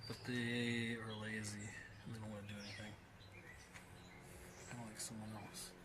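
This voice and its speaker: A man livestreaming casually outdoors in a backyard, talking in a rough, joking, swearing way. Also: fairly low pitch, level tone, normal speed. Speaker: streamer. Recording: loud outdoor background noise.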